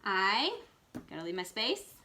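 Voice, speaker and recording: A woman teaching young children a writing lesson, speaking slowly and clearly and reading example sentences aloud with a lively, excited voice. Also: medium pitch, a little hiss or hum.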